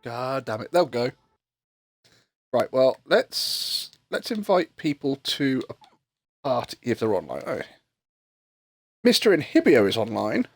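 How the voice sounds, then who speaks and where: A man's voice: medium pitch, sing-song, unhurried, pauses often, dry recording. A man streaming a game, chatting in a rambling way and swearing casually while he has the hiccups. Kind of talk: casual livestream chat while gaming.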